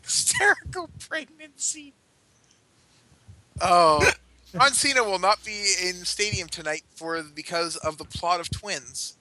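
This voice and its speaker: A man's voice: high-pitched, a little slow, sharp tone, rough recording. A man co-hosting a podcast in casual chat, ranting and cursing and laughing often. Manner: ranting, profane, laughs a lot. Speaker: podcast co-host.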